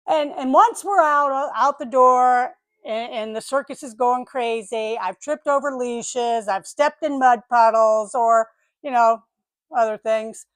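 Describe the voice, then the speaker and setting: Lively older woman telling a story. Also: on the high side, unhurried, no echo. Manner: animated, acts out voices of dogs and neighbors. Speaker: vlogger. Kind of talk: casual storytelling.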